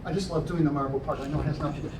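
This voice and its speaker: In the indoor program room of a library, a juggler with a fairly high, fairly even voice races through his live patter, joking and explaining every trick step by step. The recording comes from a camera out in the audience and is roomy, distant and noisy.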